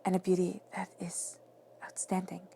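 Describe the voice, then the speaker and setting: Gravelly-voiced woman giving a tarot reading. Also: fairly low pitch, monotone, normal speed, a little hiss or hum. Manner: emphatic, affirming, often drops to soft whispers. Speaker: tarot reader.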